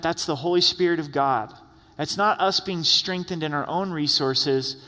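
A man's voice: on the high side, sharp tone, big-room sound. A man preaching a sermon as pastor in a conversational style, often acting out the words of the people he quotes. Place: church sanctuary.

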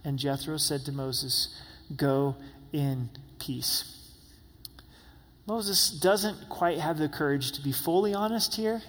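A man preaches a sermon in a slightly high voice that rings out with a long echo. He lifts his voice for emphasis and drops it low when he voices the people he quotes. The sound is that of a large hall. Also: takes it slowly, fairly bright tone. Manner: preaching with emphatic rises, voicing God and Moses in quotes. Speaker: pastor.

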